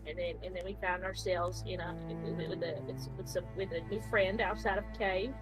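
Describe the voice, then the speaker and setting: A woman's voice: fairly low pitch, steady tone, fairly quick, over music, poor audio. Rambling woman recapping a game session. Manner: rambling, full of restarts. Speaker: tabletop game player.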